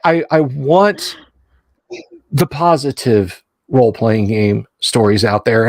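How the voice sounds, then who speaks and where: A man's voice: medium pitch, no room sound. A middle-aged man hosting a casual live stream, rambling with many fillers and restarts. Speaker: stream host.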